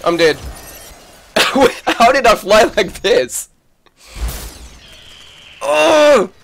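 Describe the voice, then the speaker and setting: A man streaming live gameplay, reacting with loud excited exclamations and swearing. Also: very high voice, drawn-out words, creaky, slight background noise. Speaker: gaming streamer.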